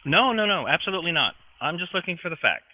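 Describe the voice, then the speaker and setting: A man's voice: on the high side, sing-song, fast talker. Nervous polite interviewer, a man reading it, apologetic, tinny voice chat line. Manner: apologetic, eager to please.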